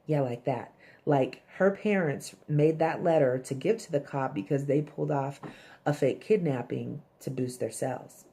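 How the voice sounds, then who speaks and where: Low, mellow-voiced woman recapping a show. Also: normal speed. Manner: chatty, blunt, swears, acts out characters' lines. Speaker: TV episode reviewer. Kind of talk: casual episode recap.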